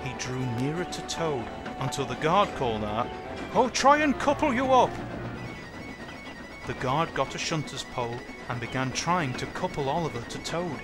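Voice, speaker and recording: A man narrating a children's train story in a lively storytelling way, doing every character himself. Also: mid-range voice, moderate pace, hardly any pauses. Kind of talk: storybook narration of a fan-made train tale. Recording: music playing under the voice.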